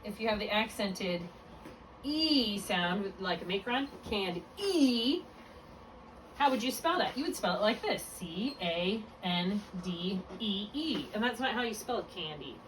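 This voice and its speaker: A woman teaches phonics one-on-one at a patient, step-by-step pace and often stops to correct herself. Her voice sits at a middle pitch. She is picked up from some distance, with a faint hiss in the background. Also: expressive, unhurried, a bit bright. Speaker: reading tutor. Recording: distant mic with faint room noise.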